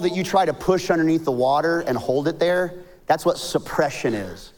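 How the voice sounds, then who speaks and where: Pastor, male, animated sermon delivery, reverberant church hall. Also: brisk. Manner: animated, rises to high emphatic peaks, tells jokes and stories.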